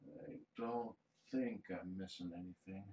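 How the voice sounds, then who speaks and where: A man streaming live as a cat fosterer, talking softly to the cat and explaining the next steps to viewers, restarting his phrases as he goes. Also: deep voice, unhurried, slight background noise. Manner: soft-spoken, coos fondly to a cat. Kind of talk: casual livestream chat. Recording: roomy sound, mic some distance away.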